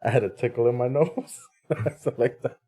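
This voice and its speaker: A man's voice: mid-range voice, normal speed, breathy edge. A man co-hosting a podcast, chatting casually and laughing as he tells stories. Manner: relaxed, laughs through his stories. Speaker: podcast co-host. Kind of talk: casual chat.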